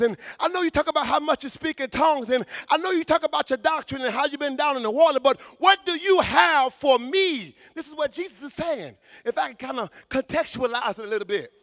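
A man preaching a sermon in a church, fervent, shouting for emphasis and stumbling over repeated words. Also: very high voice, dry recording, clean studio sound.

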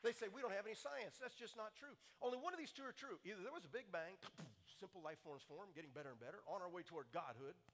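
Fast, lively man preaching in a hall. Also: high voice. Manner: animated storyteller, emphatic repetition. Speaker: speaker on creation. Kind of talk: sermon-style talk.

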